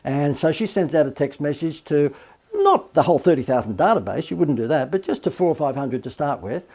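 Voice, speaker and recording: A man, a marketing coach, giving a recorded course lecture full of lively anecdotes and emphatic asides. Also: on the high side, fairly quick.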